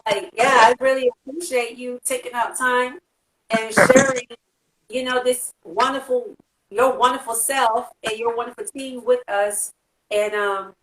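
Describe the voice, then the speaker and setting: A woman from Atlanta, hosting a casual interview in an excitable, rambling way with quick laughs. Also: fairly high pitch, distant mic. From Atlanta, USA. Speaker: host. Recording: echoey room, away from mic.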